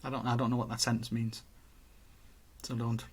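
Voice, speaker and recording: A man co-hosts a podcast in casual conversation, his husky voice at medium pitch with little movement and normal speed. He thinks aloud in a rambling, self-questioning way, restarting often.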